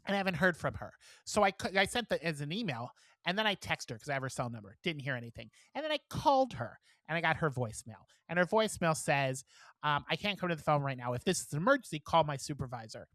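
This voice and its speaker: Podcast co-host, male, 40s, lively storyteller, dry close sound. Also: on the high side, fast talker, no echo. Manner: animated storyteller, swears, laughs mid-sentence. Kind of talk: casual chat.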